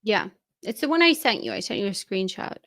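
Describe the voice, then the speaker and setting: A woman co-hosting a true-crime stream, talking excitedly in casual chat and swearing in quick bursts. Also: mid-range voice, no room sound. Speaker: stream co-host.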